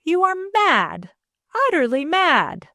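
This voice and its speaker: A woman's voice: sits high, very animated, moderate pace, dry recording, studio quality, voice pushed up. A woman reading aloud, voicing a spirited young woman who protests and flares with indignation. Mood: outraged. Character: spirited young woman, proud and quick to anger.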